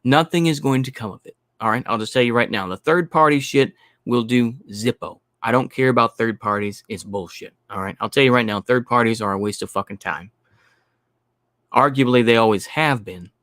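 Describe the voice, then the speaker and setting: A man's voice: mid-range voice, moderate pace, a bit bright, dry recording, clean studio sound. A man hosting a stream, ranting bluntly and profanely in commentary, repeating his points. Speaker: stream host.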